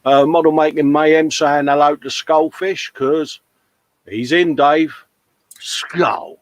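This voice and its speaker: A man's voice: on the high side, fairly even intonation, measured pace. A man hosting a live modelling show, chatting casually, reading out viewer comments and calling everyone mate. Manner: chatty, matey, laughs often.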